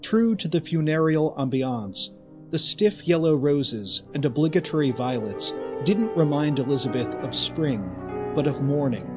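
A male narrator reads a scripted serial story very slowly and deliberately, his voice slightly high for a man. Soft music plays faintly underneath. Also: expressive.

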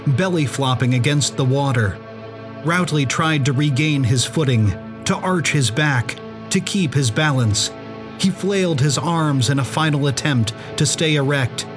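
Slow, measured male storyteller over music. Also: a little high. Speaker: narrator. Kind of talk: scripted audiobook narration.

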